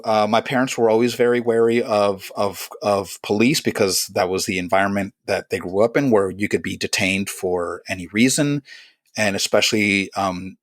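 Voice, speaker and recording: Guy in his 50s from chile, thoughtful storyteller, dry close sound, mid pitch. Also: no echo. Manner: reflective, unhurried, recalls memories in vivid detail. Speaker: guest musician. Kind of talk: conversational interview storytelling.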